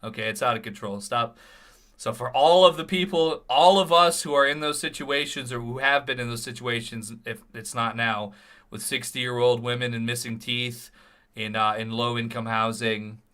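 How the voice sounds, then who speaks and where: A man's voice: mid-range voice, fairly even intonation, normal speed, a bit bright. A male streamer giving rambling live-stream commentary full of crude jokes.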